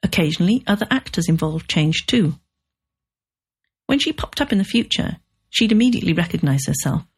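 A woman with a low, husky voice reads a literary novel aloud. Her storytelling is measured and steady, with a slightly breathy texture. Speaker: narrator. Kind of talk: scripted audiobook narration.

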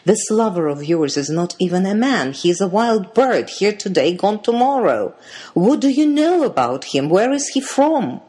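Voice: medium pitch, sing-song, normal speed, a little mellow, husky, voice pushed up. A reader voicing fierce, protective elder twin sisters in a storybook reading, scolding their younger sister in a raised, urgent voice.

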